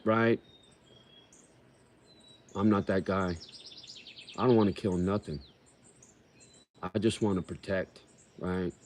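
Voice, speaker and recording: A man hosting a livestream, chatting casually with viewers in a profane, rambling and heartfelt way. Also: fairly low pitch. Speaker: livestream host.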